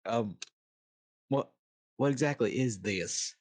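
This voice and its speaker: A man's voice: medium pitch, takes it slowly. Hesitant man playing a character. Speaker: tabletop player. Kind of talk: in-character role-play.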